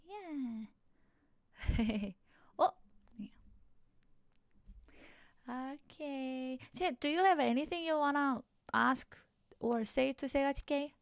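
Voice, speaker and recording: A woman hosting a piano livestream, chatting softly and warmly with a guest, often filling in with little laughs and repeated yeahs. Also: high-pitched, no echo. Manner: slow, soft-spoken, with frequent small laughs. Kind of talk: casual chat.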